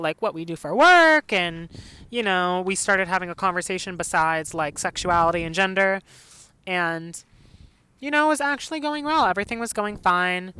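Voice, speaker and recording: A man's voice: high voice, bright, forceful tone, a little hiss or hum. A young man from Los Angeles telling a personal story on his podcast, casual and full of "like" and "you know". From Los Angeles, California. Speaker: podcast host.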